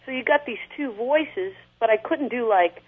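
Husky middle-aged lady singer chatting in an interview, animated, sounds like she's on a phone line. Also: a little high, a little slow. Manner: animated, sings short snippets to illustrate. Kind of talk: conversational interview.

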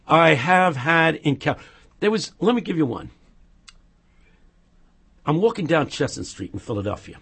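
A man talking as a radio guest, telling stories in an animated, joking way and dropping to a hush for serious points. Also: on the high side, normal speed, creaky, pauses often, slightly rough. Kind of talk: casual chat and storytelling.

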